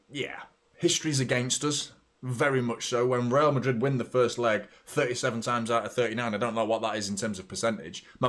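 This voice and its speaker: Chatty man reacting to a match. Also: on the low side. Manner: chatty, swears, reacts loudly to play. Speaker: host of a football watchalong. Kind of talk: live match watchalong commentary.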